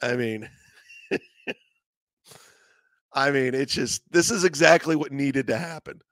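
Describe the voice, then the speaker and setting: A man hosting a comedy podcast, telling a profane, animated story in a casual way and acting out the voices of others. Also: mid-range voice, slow, no echo.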